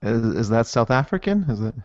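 A man's voice: mid-range voice, very animated, brisk. A man co-hosting a podcast in casual chat with a wry, joking manner. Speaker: podcast co-host. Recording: lo-fi audio with faint noise.

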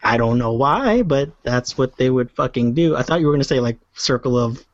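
A man's voice: mid-range voice, expressive, brisk, no room sound. A man hosting a casual quiz game, joking and laughing easily. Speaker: quiz host. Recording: dry, dull sound.

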